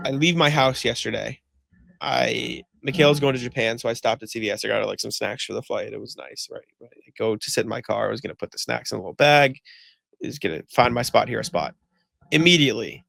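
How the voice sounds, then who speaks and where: Gravelly man ranting on a podcast. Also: mid-range voice, a bit bright, dry recording. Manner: rambling storytelling with many "like" fillers and swearing; exasperated ranting. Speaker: podcast co-host. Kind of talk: casual chat.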